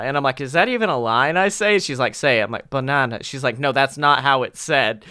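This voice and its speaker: A man in his twenties co-hosting a casual podcast chat, telling stories animatedly and jumping into loud, high acted quotes. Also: fairly quick, hardly any pauses, smooth, dry recording, studio quality. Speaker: podcast co-host.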